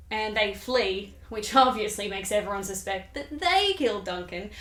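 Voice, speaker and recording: A woman's voice: mid-range voice, expressive, moderate pace, fairly bright tone. A woman hosting a comedic summary of a play, chatty and sarcastic, with rambling asides. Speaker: video host. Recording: roomy echo.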